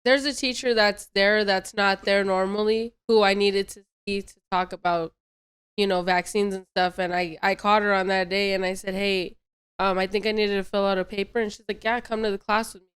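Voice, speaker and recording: A woman's voice: medium pitch, level tone, moderate pace, a bit bright, clear, resonant tone. A young adult woman telling a story in casual podcast chat, rambling and repeating herself.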